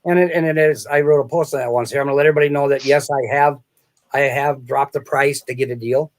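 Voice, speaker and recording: Male interview guest, rambling storyteller, laughs often, mid pitch. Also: fairly even intonation, fast. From small-town American Midwest. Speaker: guest, sales author. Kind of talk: casual interview chat.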